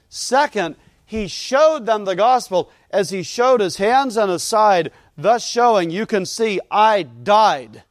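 A man preaches with earnest conviction, his fairly high voice building in emphasis as he repeats key phrases. The sound is dry and close, with little room echo. He speaks as a pastor addressing his congregation. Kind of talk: sermon. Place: church.

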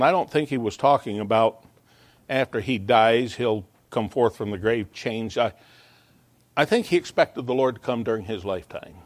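A man's voice: medium pitch, darkish tone, no room sound. A man preaching a sermon as pastor, earnest and building to emphatic peaks, with small stumbling asides.

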